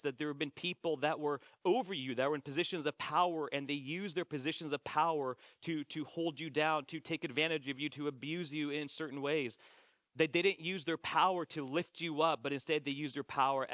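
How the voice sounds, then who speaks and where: A man's voice: a little high, steady tone, fairly bright tone, no echo, studio quality. Earnest male pastor preaching. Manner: earnest, repeats phrases, slows for quoted scripture. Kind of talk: sermon. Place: church sanctuary.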